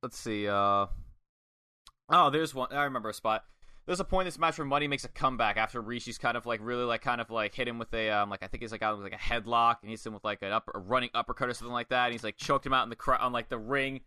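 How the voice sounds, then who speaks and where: A man casually recapping a wrestling match with a co-host, animated and acting out the wrestlers' lines. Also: medium pitch, fast talker, smooth, no room sound, clean studio sound. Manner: animated, quotes wrestlers in put-on voices. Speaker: podcast co-host.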